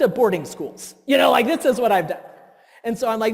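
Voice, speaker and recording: A man in his thirties giving a workshop talk, telling stories with animated acted-out outbursts. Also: high voice, brisk. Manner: animated storytelling, acts out his own outbursts. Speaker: workshop presenter. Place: church hall. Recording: long reverb in a hall.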